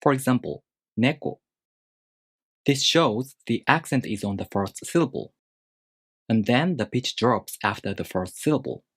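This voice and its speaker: A man teaching a language lesson in a deliberate, scripted explanatory way, slowing down to demonstrate pitch on example words. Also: lively intonation, fairly bright tone, breathy edge, dry recording, studio quality.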